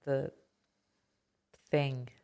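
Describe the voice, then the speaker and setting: A woman's voice: rumbling low, little pitch movement, extremely slow, vocal fry, dark tone. A British woman, an organizing expert, chatting playfully and bantering with mock indignation. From Britain. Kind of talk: casual chat.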